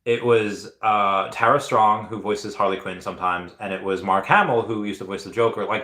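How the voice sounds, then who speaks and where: A man's voice: on the low side, a bit bright. A man hosting a casual livestream, reading out viewer comments in a rambling, enthusiastic way with many fillers and restarts. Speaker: livestream host. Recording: roomy echo.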